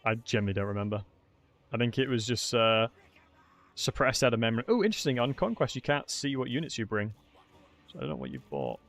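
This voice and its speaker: This young man streams a strategy game tournament match, chatting and cracking jokes at his own expense. His mid-range voice is sing-song and fairly bright, his pace quick, with faint music behind him.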